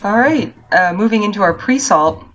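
A woman's voice: medium pitch, lively intonation, moderate pace, muffled recording, over loud music. A young woman co-hosting a podcast, chatting casually, laughing often and swearing freely. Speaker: podcast co-host.

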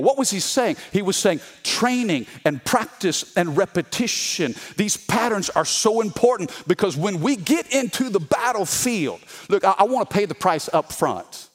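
A middle-aged male pastor preaching an energetic sermon, calling on the congregation to respond. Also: high voice, moderate pace, few pauses. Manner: animated, call-and-response with congregation.

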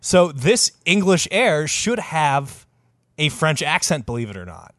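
A man hosting a casual podcast, telling a historical story with animated delivery and plenty of cursing. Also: fairly high pitch, unhurried, no room sound, clean studio sound. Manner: animated, lively delivery with sudden voice put-ons.

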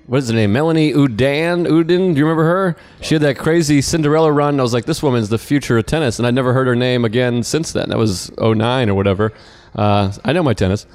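A man from the Boston area, a podcast guest, chatting in animated, jokey bursts. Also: on the high side. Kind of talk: casual podcast chat.

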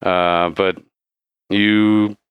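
A man narrating a tabletop role-playing game as game master, casual and quick to laugh, swearing freely. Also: low voice, flat delivery, clear, resonant tone, no echo, narrow, tinny audio.

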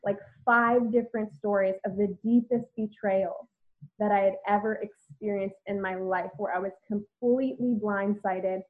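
A woman's voice: mid-range voice, fairly even intonation, normal speed. A woman hosting a podcast, telling a personal story candidly and reflectively, with many "like"s. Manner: reflective, heavy use of "like". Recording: tinny phone-like audio.

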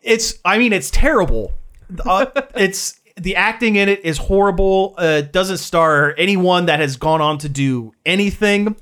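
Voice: mid-range voice, measured pace, a bit bright. A podcast co-host in casual chat, telling a story with enthusiasm and frequent laughter.

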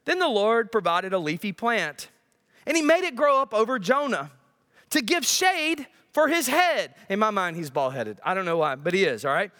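A male pastor preaching a sermon in an animated, joking way, often asking the congregation questions. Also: high-pitched, normal speed.

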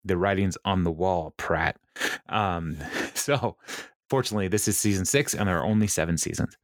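A man's voice: low-pitched, normal speed, no room sound, clean studio sound. A man hosting a podcast, casually recapping a TV episode with lots of fillers and laughter. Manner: rambling, many fillers, laughs at own retelling. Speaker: podcast host recapping a TV show. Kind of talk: casual chat.

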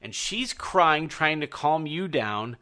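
A man's voice: on the high side, animated, slow, sharp tone. A man in his thirties hosting a podcast, telling a story in casual chat, profane and emphatic. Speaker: podcast host.

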